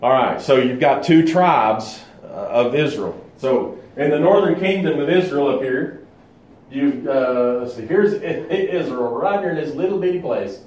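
A man giving a Bible lesson at an easy, halting pace, stopping often to search for words. His voice sits at an ordinary middle pitch. The sound carries a roomy echo. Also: animated, darkish tone. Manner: unhurried, halting, many filler pauses. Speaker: Bible teacher. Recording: echoey room.

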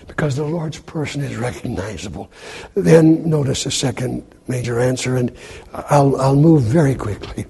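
A man preaching a sermon in a dramatic way, acting out quoted speech in loud, high bursts. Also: normal speed, vocal fry, slightly rough. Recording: long hall reverb.

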